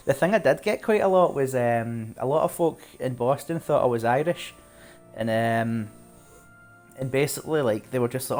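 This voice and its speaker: A streamer from Glasgow, Scotland, chats easily with his viewers as he plays a game live, his mid-range voice moving fairly quickly. He asks them questions, laughs a lot and drifts between topics while quiet game music plays in the background.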